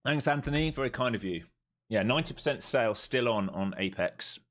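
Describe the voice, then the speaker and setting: A man's voice: mid-range voice, lively intonation, brisk, a bit bright. A man giving casual, blunt live trading commentary, thinking aloud, repeating key points and swearing freely. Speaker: live stream day trader.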